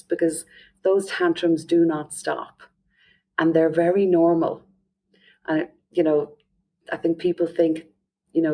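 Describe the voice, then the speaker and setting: A woman with an Irish accent, a parenting coach explaining advice in a lively podcast interview. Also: lowish voice. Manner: lively, often acts out quoted parents and children.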